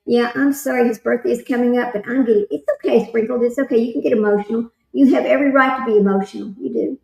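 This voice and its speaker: A woman's voice: fairly high pitch, steady tone, fast, creaky, darkish tone, roomy sound, poor audio. A woman hosting a casual livestream, rambling and talking straight to her viewers. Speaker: livestream host.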